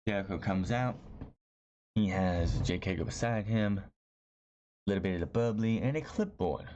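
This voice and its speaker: Recapping a wrestling show, a man speaks with a dark, lowish voice at a moderate pace. His take is blunt, opinionated, and rambling, with frequent mid-sentence self-corrections, all on slightly dull, lo-fi audio carrying a faint hiss.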